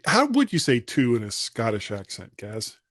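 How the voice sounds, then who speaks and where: Jokey podcast host with a dry sound. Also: male voice, mid-range voice, huge pitch swings, moderate pace, a bit bright, no room sound. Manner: jokey, playful, laughs at himself. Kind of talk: casual podcast chat.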